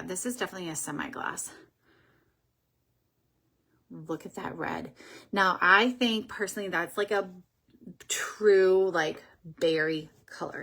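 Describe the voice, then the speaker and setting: Breathy-voiced woman chatting through makeup swatches. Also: on the low side. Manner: chatty and thinking aloud, unsure of product names. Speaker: beauty vlogger host. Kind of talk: casual makeup swatching chat.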